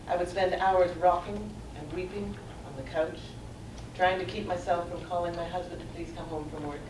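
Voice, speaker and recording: A middle-aged woman speaks to a conference audience, telling her story in an earnest, measured way. She is heard from some distance in a roomy space. A steady background noise sits under her voice. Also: medium pitch. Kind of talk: prepared personal talk read aloud. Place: conference room.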